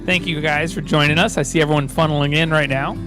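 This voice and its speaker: A man hosting a live networking event, upbeat and chatty with quick exclamations, speaking to a room and an online audience. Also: fairly high pitch, fairly even intonation, over music. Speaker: event emcee.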